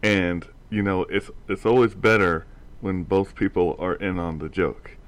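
A man's voice: low voice, measured pace. A man hosting a casual talk show, telling a story with many restarts and frequent laughter. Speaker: podcast host.

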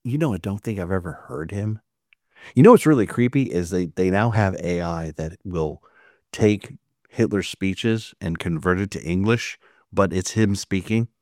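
A man's voice: sits low, normal speed, a little mellow, no room sound, clean studio sound. A man hosting a casual podcast, rambling and laughing between topics. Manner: rambling, laughing, self-mocking. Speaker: podcast host. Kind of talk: casual chat.

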